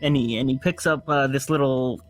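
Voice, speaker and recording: A man with a medium-pitched, fairly even voice narrates a tabletop game as game master. His delivery is halting and full of restarts.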